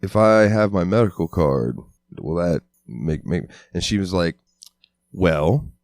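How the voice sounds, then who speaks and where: A man's voice: low voice, lively intonation, unhurried, a little mellow, no room sound, studio quality. A man co-hosting a casual podcast, laid-back and easy to laugh. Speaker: podcast co-host.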